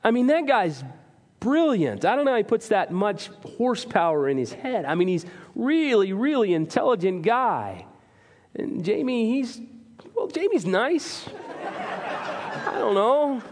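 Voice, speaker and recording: A male pastor with a high, light voice delivers a sermon in a church sanctuary. He preaches in an earnest, conversational way, joking at his own expense. His voice carries a long reverb from the hall around him. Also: sing-song, normal speed, darkish tone. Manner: earnest, conversational preaching with self-deprecating humor.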